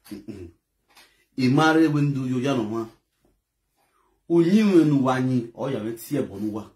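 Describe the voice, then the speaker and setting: A man from Edo State with a Nigerian accent, delivering a heated, scolding online rant that switches between pidgin and a local language. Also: fairly high pitch. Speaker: social media commentator.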